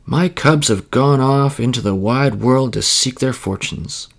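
A warm-hearted mother bear from a bedtime story, voiced by a man reading aloud, patient and kind. Her voice is soft and gravelly, and she talks slowly and gently. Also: medium pitch. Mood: gentle, motherly.

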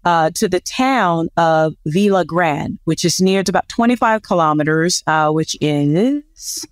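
A woman co-hosting a podcast, telling a story in a casual, animated chat with laughter and self-deprecating asides. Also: on the low side, a little slow, no room sound. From United States. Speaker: podcast co-host.

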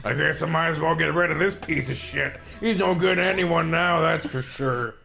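A man's voice: fairly high pitch, moderate pace, sharp tone, heavily acted. A man voicing a brash villainous male turtle king who taunts crudely and gloats. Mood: gloating. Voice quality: gravelly, gloating. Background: game music.

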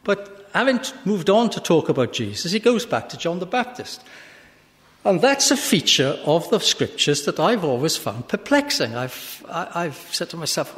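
A man giving a thoughtful Bible talk to a live group in a hall, with soft asides and emphatic bursts, reading scripture aloud with emphasis. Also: a little high, sing-song, normal speed. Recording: long hall reverb.

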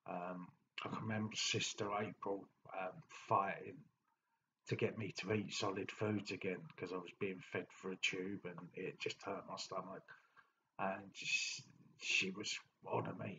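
A man telling his own story in a blunt, plain-spoken diary monologue, halting with many fillers. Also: sits low, little pitch movement, bright, forceful tone, dull audio, slight background noise. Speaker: diary vlogger.

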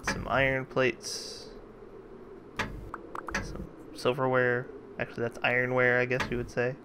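A man's voice: mid-range voice, monotone, measured pace, noisy background. A man hosting a let's play, giving casual, jokey gameplay commentary and thinking aloud as he plays.

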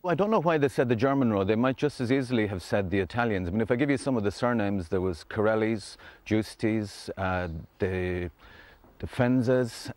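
A man's voice: lowish voice, a little mellow, no echo. A man, recalling things reflectively in an interview, with frequent hesitations. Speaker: interviewee, local documentary maker.

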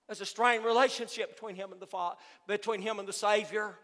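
A man preaching a fervent sermon as pastor of a church, with sudden loud outbursts. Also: high-pitched, steady tone, fairly quick, hardly any pauses. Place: church sanctuary. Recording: long hall reverb.

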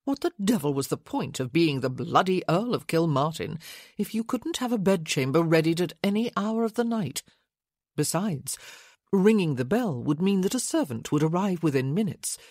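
A woman narrating a romance audiobook in a measured, intimate reading. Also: fairly low pitch, expressive, darkish tone, no room sound, clean studio sound. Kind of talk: scripted narration.

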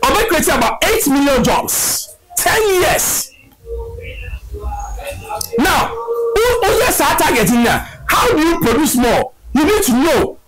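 A man with a Ghanaian accent gives an impassioned political speech, shouting rhetorical questions and slipping into Twi phrases. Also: very high voice, sing-song, slow, long pauses, noisy background. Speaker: political commentator. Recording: loud music bed behind voice. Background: loud music.

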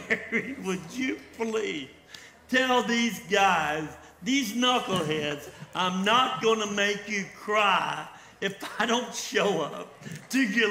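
A man acting a stubborn, bitter loner biker in a church stage drama, gruff and defensive with his friends. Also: high voice, bright, forceful tone, a little hiss or hum, exaggerated voice. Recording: reverberant hall sound.

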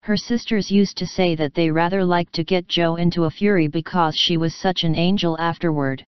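Woman, audiobook narrator, calm even reading, very clear voice, dry close recording. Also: lowish voice, moderate pace, no echo, highs cut off. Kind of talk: scripted storybook narration.

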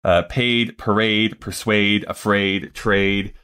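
A man's voice: on the low side, steady tone, slow, pushed and bright, clean tone. A man hosting a podcast, talking casually with many fillers and reading out song lyrics. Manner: chatty, many fillers, reads lyrics aloud. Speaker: podcast host. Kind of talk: casual discussion.

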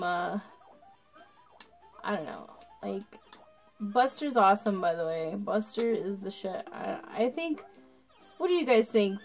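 A drunk woman commentating her gameplay casually, swearing and breaking into excitable outbursts while talking to her viewers. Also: mid-range voice. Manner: talks to the viewers. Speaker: gaming channel host.

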